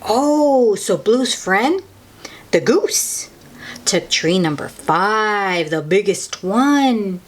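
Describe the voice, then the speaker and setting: A young woman reads a picture book aloud to little children, her voice soft and a little breathy. She takes her time, lingering over each line, and her pitch leaps and dips as she marvels at the pictures. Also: takes it slowly. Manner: gentle, animated, exclaiming to young listeners. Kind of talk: read-aloud storytime.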